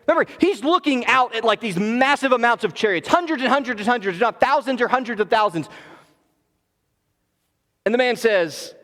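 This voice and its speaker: A man preaching from the pulpit with a notably high voice, swinging between loud, emphatic declarations and hushed, intimate passages. His sermon rings through a church sanctuary with a long, lingering reverb. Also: animated, moderate pace. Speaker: pastor.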